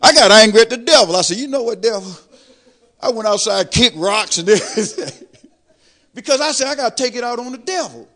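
An older man preaching a testimony sermon, animated, swelling louder on praise lines. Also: extremely high pitch, brisk. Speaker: lay preacher.

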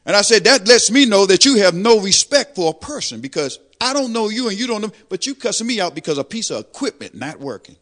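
An older man preaches from his own life. His high voice leaps up and down, and it swells loud on the praise lines. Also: big pitch swings, fast, few pauses. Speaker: lay preacher. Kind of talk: sermon testimony.

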